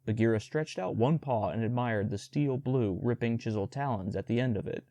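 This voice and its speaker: A man narrating a storybook audiobook in a measured, even storytelling manner. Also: mid-range voice, no echo.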